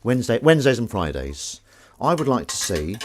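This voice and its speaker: A man's voice: medium pitch, very animated, fairly quick, slight background noise. A man chatting casually while he does the washing up, rambling, jokey and self-mocking, with the odd swear word. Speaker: host doing the washing up on a live stream.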